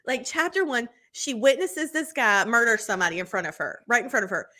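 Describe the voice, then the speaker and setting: A woman co-hosting a podcast, chatting casually and telling animated stories full of "like" and "you know", acting out quotes in bigger voices. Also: brisk. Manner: animated storytelling, acts out quotes with big pitch jumps; many fillers like "like" and "you know". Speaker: podcast co-host. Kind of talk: casual chat.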